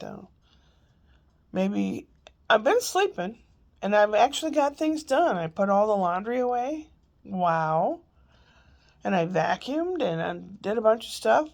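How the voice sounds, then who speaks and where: A woman's voice: mid-range voice, creaky. A woman vlogging from home in a meandering, chatty way, a little congested with a lingering cough. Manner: chatty, meandering, self-interrupting. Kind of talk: rambling casual chat.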